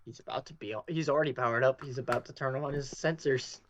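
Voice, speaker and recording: A man's voice: medium pitch, fairly even intonation, quick pace, slight background noise. A man running a tabletop game as game master, narrating and teasing his players.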